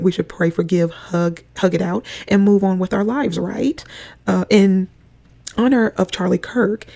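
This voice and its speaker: Dark gravelly commentary voice. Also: mid-range voice. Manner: measured, sarcastic, preaching tone. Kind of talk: scripted political commentary.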